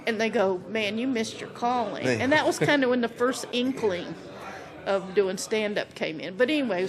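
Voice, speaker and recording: A woman guest on a podcast, telling a lively anecdote and acting out the scenes she describes, often breaking into laughter. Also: medium pitch. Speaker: podcast guest, animal wrangler. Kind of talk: casual storytelling.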